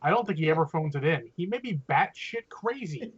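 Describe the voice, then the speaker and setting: A man's voice: fairly high pitch, fairly quick, slightly rough, lo-fi sound. A man hosting a podcast, chatting casually and jokingly about a movie he watched. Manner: animated, jokey movie reviewing. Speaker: podcast host. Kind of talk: casual chat.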